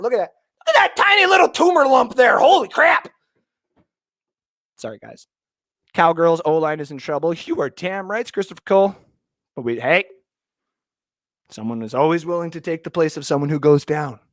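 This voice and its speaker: A man's voice: high voice, fairly bright tone, no echo, clean studio sound. A young man from Canada hosting a casual livestream from his basement, reading viewer comments in a rambling, jokey way. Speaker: livestream host. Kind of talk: casual live-stream chat reading comments. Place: home basement.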